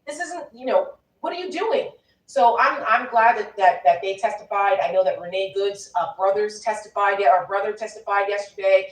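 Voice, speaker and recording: A woman argues politics with indignant emphasis in a mid-pitched voice. The mic sits far from her, so her words bounce around an echoey room. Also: normal speed. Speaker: panel commentator. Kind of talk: heated political discussion. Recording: roomy echo from a distant mic.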